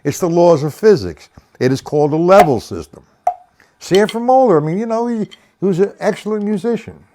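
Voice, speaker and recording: A man's voice: high voice, expressive, brisk, dark tone. An older man giving a casual, rambling live-streamed drum lesson, counting beats aloud as he explains technique. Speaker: drum teacher.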